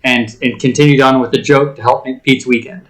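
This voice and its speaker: A man's voice: medium pitch, fairly even intonation, fairly quick, a bit bright, rough recording. A man co-hosting a casual movie podcast, thinking aloud and restarting his sentences as he reasons. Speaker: podcast co-host.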